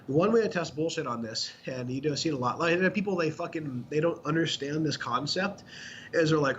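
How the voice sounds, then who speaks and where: A man's voice: mid-range voice, fast, fairly bright tone. A man co-hosting a podcast, explaining supplement labels in a blunt, profane, casual way. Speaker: podcast co-host, supplement expert. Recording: slightly dull audio with faint ambient noise.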